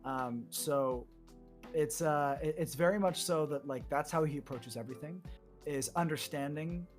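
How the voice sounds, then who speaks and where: A man on a casual tabletop podcast, talking slowly and haltingly with many fillers as he searches for words. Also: a little high, faint music behind. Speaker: podcast host and player. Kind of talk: casual chat.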